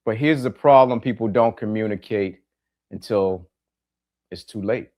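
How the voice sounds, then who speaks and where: A man's voice: on the low side, measured pace, a little mellow. A middle-aged man hosting a podcast, talking plainly to his listeners, repeating key phrases for emphasis and asking them direct questions. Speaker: podcast host. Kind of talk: reflective monologue to listeners.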